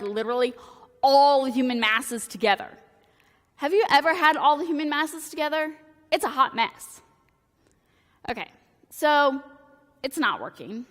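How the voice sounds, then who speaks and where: A woman's voice: fairly high pitch, fairly bright tone, big-room sound. A woman preaching a sermon in a church, casual and joking, peppering her talk with "like". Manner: casual, joking, talks in valley-girl-like "like" phrasing. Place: church sanctuary.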